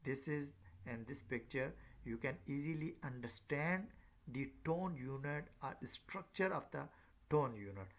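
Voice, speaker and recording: A man giving a recorded lecture, halting often with fillers and repeated words, and acting out rising and falling tones on short example phrases. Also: medium pitch, animated.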